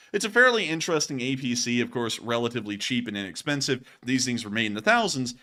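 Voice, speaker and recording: A man's voice: mid-range voice, sharp tone. A man hosting a war news show, commenting casually and jokingly over footage. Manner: chatty, joking, says y'all.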